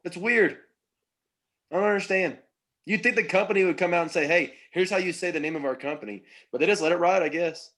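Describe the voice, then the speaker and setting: A man co-hosting a casual podcast chat, chatty and full of quick jokey asides. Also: high voice, fairly bright tone. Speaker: podcast co-host.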